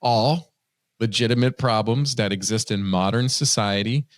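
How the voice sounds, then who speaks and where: A man hosting a podcast, speaking thoughtfully and in a measured way in casual conversation. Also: fairly low pitch, fairly even intonation, no echo, clean studio sound. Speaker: podcast host.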